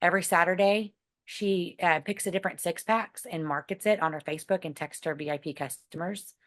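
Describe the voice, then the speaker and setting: A woman's voice: fairly low pitch, fairly even intonation, brisk, a bit bright. A woman leading a team meeting on a video call, chatty, with many fillers and retold chats. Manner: chatty, full of fillers and retellings. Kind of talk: casual meeting talk.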